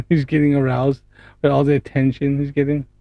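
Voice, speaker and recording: A man's voice: medium pitch, level tone, moderate pace, no room sound, highs cut off. A man casually commenting over a video clip, mocking and swearing often. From Canada. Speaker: commentator reacting to a stream.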